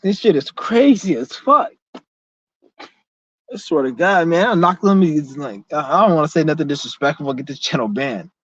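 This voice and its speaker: A man's voice: a little high, animated, moderate pace, a bit bright, no echo. A man delivering a heated rant to camera, blunt, profane and confrontational, often restarting his sentences. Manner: repeats himself with many restarts. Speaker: vlogger. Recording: dull lo-fi, dry sound.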